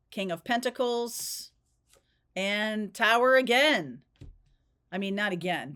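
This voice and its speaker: Woman, tarot reader, casual rambling monologue, mid-range pitch, frequent check-ins with the listener. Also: measured pace, fairly bright tone. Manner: chatty, rambling, frequent "like" and "okay?". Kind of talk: spontaneous tarot reading monologue.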